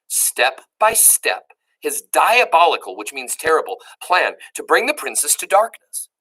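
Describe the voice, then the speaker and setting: Woman reading a kids book aloud, swoopy lively voice, bright tone, stops to explain words. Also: deep voice, measured pace, few pauses, husky. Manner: expressive, explains words for young listeners. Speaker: storyteller reading a children's book. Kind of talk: children's book read-aloud.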